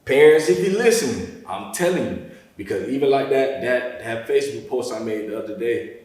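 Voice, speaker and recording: A man's voice: medium pitch, normal speed. Laid-back man, echoey room, far mic. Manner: relaxed, rambling, frequent "bro" and "you know". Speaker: podcast host. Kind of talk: casual conversation. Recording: roomy echo, mic at a distance.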